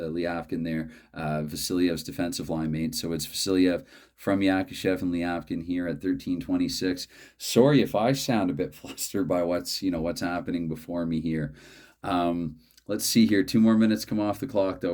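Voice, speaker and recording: A man hosts a solo tabletop hockey card game, calling the plays with halting, dry play-by-play. His voice sits low and sounds a little mellow.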